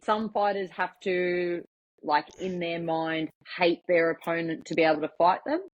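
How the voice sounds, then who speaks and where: A woman's voice: on the low side, flat delivery, normal speed. A young Australian woman telling stories in a chatty, laughing way as a podcast guest. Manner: chatty, with many fillers and laughs. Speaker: guest, professional MMA fighter. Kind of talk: casual podcast storytelling. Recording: slightly muffled podcast audio.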